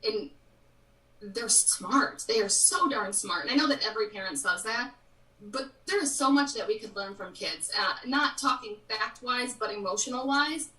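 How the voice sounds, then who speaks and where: A woman's voice: fairly high pitch, expressive, moderate pace, pushed and bright. A woman in her thirties, a guest on a casual live-stream interview, speaking frankly and with strong opinions. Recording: roomy, distant from the mic.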